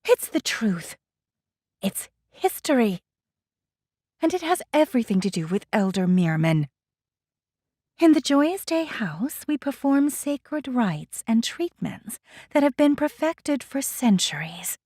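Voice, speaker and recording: A woman voicing a calm, condescending female religious official in an audiobook, measured and soothing. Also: fairly high pitch, breathy edge, dry recording, clean studio sound, heavily acted. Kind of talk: audiobook character voice.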